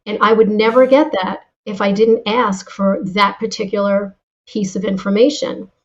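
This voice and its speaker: A woman's voice: mid-range voice, normal speed. Storytelling woman on a dull lo-fi stream. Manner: animated storyteller, frequent restarts. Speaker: guest, former insurance seller. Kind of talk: casual storytelling interview.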